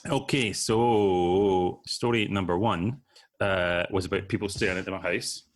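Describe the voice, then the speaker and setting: A man's voice: low voice, unhurried. A young man hosting a comedy podcast, telling stories in a chatty, self-deprecating way. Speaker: podcast host. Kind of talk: casual comedy podcast chat.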